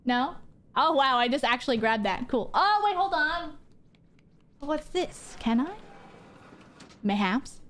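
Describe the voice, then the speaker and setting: A young woman streaming a horror game from her home office, excitable and jokey, swearing and jumping into squeals. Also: sits high, slow, long pauses. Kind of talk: live gameplay commentary.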